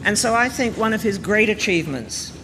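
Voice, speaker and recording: A man giving a thoughtful, conversational talk on history, explaining events in a measured, storytelling way. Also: high-pitched, lively intonation. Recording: reverberant room with faint background noise.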